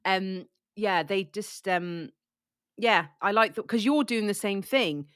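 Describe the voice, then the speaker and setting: A woman's voice: mid-range voice, takes it slowly, a bit bright, smooth, no echo, clean studio sound. A woman with a cold chatting casually about a book, full of "like" and restarts. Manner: chatty, lots of likes and restarts. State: has a cold, coughing. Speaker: book discussion co-host.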